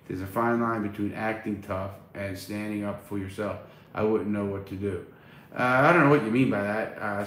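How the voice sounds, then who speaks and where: A man with a lowish voice hosts a relaxed livestream, reading viewer comments out and answering them off the cuff. He pauses often on "uh" while he gathers his thoughts. The room echoes noticeably, and there is a faint hum of noise behind him. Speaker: livestream host. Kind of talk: casual livestream chat, reading viewer questions aloud. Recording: roomy echo, faint background noise.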